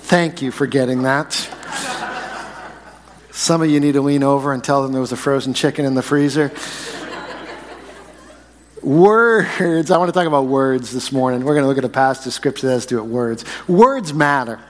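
A man in his forties, a pastor giving a sermon, chatting with the congregation and slowing down to stress key phrases. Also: mid-range voice. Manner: conversational, asks the congregation questions, slows to stress key phrases. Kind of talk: sermon with jokes and a story. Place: church sanctuary. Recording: long reverb of a church hall.

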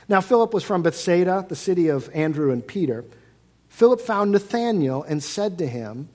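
A man's voice: fairly high pitch, expressive, moderate pace, darkish tone. A man preaching a sermon, reading scripture and then speaking in an earnest, conversational way, repeating key phrases.

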